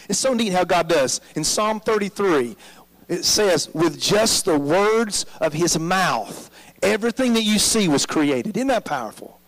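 A man's voice: sits high, poor audio. A man preaching a sermon as pastor, drawing the congregation in with frequent "amen?" prompts.

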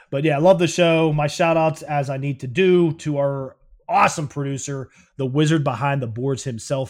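Excitable, swearing male podcast co-host. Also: a little high. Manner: excitable, laughs often, swears freely. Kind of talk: casual comedic podcast chat.

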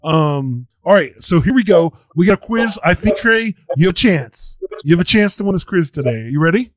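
A man's voice: high voice, animated, moderate pace, dry recording, low-quality recording. A man hosting a casual online chat show, rambling and chuckling as he talks. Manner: laid-back, chuckling, rambling. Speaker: podcast host.

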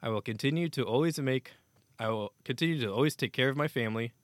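A man's voice: medium pitch, quick pace, no echo. A man hosting a casual hockey news podcast, reading statements aloud with offhand asides. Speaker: podcast host.

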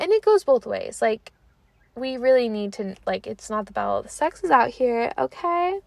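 A woman's voice: on the high side, normal speed, gravelly, no room sound. Chatty young woman podcast host. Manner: chatty, animated, lots of likes and trailing off. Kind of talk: casual chat.

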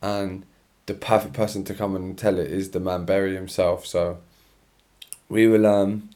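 A man's voice: low-pitched, level tone, normal speed, warm tone. A tired young man, hosting his own solo podcast in a chatty, rambling, slangy way from his room. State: tired, yawning. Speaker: podcast host. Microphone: own podcast mic.

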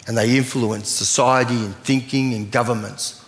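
A man preaches a sermon in an earnest, storytelling way and reads scripture aloud. His voice sits at a middle pitch. A long reverb from a church hall trails after his words. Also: steady tone, normal speed. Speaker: pastor.

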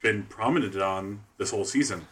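A man co-hosting a casual podcast chat, explaining points in a measured way. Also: lowish voice, a bit bright.

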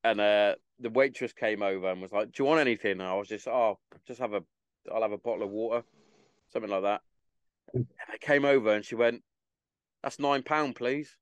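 A man telling a sweary, lively anecdote in a casual chat. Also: fairly low pitch, brisk, clear, resonant tone, dry recording.

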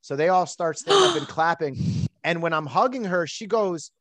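Male podcast host, outgoing and talkative, slightly high voice, dry close sound. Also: sing-song, normal speed, a bit bright, dry recording. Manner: outgoing, chatty, lots of fillers. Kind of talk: casual storytelling chat.

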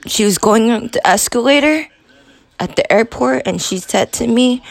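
A young woman in her twenties hosts a podcast, telling a personal story in a halting, profane confessional monologue. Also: a little high, creaky. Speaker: podcast host.

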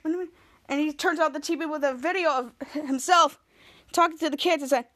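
A woman's voice: high-pitched, fairly quick, a bit bright. A woman podcast host casually recapping a TV episode scene by scene, often restarting her sentences. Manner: scene-by-scene retelling with frequent restarts.

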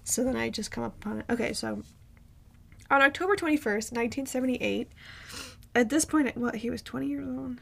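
Gravelly high-voiced woman telling a story. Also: fairly quick, a bit bright. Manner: rambling with frequent ums and restarts. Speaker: podcast co-host. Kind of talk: casual storytelling chat.

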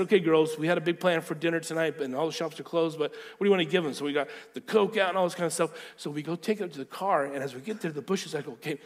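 Man preaching, lively storyteller, slightly high voice, long hall reverb. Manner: animated storyteller, acting out quotes. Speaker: pastor. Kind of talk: storytelling sermon.

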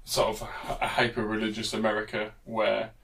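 A man's voice: lowish voice, completely flat delivery, normal speed, gravelly, fairly bright tone, recorded from a distance. A man co-hosting a casual book-discussion podcast, laughing often and swearing in loose banter. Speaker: podcast co-host.

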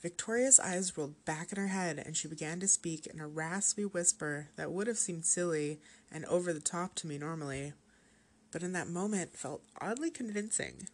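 A woman narrating a horror story aloud in a steady, even reading manner. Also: fairly low pitch, normal speed.

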